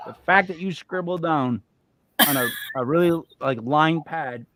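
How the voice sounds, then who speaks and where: A man hosting a podcast, chatting casually in an animated, joking, rambling way. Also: on the high side, a little slow, dry recording. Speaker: podcast host. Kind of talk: casual chat.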